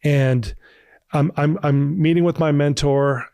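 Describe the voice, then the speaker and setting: A man's voice: on the high side, steady tone, takes it slowly, gravelly, warm tone, clean tone, no room sound. A man in his fifties, a podcast guest, telling his personal recovery story in an earnest, emotional way.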